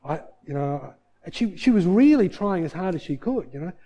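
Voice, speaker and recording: A man preaching, his voice sitting a little high. He tells a story with animated energy, dropping soft and low in the sad parts and climbing to loud, excited peaks. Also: normal speed. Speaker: pastor. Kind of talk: sermon storytelling.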